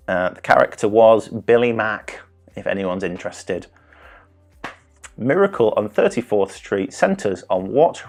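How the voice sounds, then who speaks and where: A lower-pitched man in his thirties runs a home-streamed quiz in a loose, chatty way. He rambles off topic, trips over his words and jokes as he goes. Faint music sits behind him. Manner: rambling, self-interrupting, jokey. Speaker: quiz host. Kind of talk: live-streamed quiz, casual chat.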